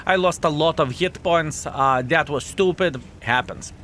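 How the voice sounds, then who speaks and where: A man commentating his own video game match to viewers, animated and self-mocking, calling them fellas, with slightly non-standard English phrasing. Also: fairly high pitch, unhurried, slight background noise. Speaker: video game player and channel host. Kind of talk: live gameplay commentary.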